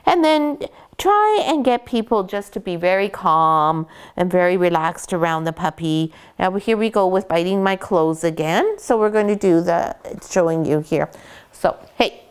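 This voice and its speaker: A woman dog breeder calmly explaining puppy care, gently praising the dogs as she goes. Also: on the low side, unhurried, smooth. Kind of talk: instructional puppy-care talk.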